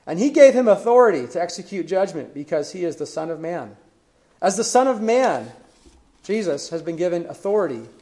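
A man preaching a sermon, retelling scripture stories earnestly and letting his voice fall to a hush at the ends of phrases. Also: sits high.

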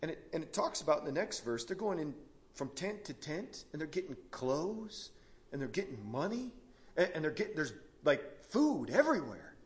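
A man preaching a sermon, telling a Bible story with animated, vivid storytelling, often breaking off and restarting mid-sentence. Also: on the high side, normal speed. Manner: animated storytelling, frequent self-interruptions.

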